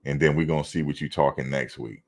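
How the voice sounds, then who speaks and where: A man's voice: rumbling low, fast talker. A man hosting a casual fan livestream, chatting loosely and teasing commenters. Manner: laid-back, teasing chat commenters. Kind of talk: casual chat reading live comments.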